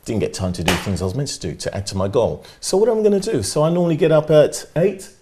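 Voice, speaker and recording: A man's voice: on the high side, expressive, quick pace, a little mellow. A man, a regular guest on a talk show, giving upbeat motivational advice and asking rhetorical questions. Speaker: regular life coach guest.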